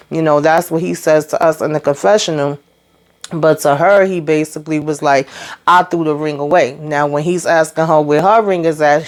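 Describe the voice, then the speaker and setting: A woman's voice: deep voice, a little mellow. A woman hosting a casual TV recap, chatty and sassy, retelling scenes through quoted dialogue. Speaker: reality TV recap host.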